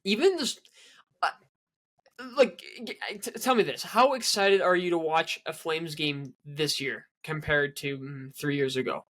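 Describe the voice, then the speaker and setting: A man's voice: fairly high pitch, unhurried, fairly bright tone. Rambling male hockey podcast co-host. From Canada. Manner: rambling, many restarts and fillers. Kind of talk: casual sports chat.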